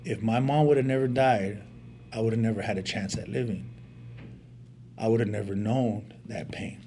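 A man with a fairly low voice tells his personal story in an earnest, heartfelt way. His speech is casual and full of slang, with stammered restarts along the way. A faint hiss sits under the recording. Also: steady tone, moderate pace, dark tone. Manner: uses casual street slang. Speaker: speaker sharing his life story.

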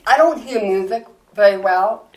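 A woman comedian answering interview questions with lively stories, acting out the voices of people she quotes. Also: mid-range voice, normal speed, poor audio. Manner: animated, acts out quoted voices. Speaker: comedian, guest.

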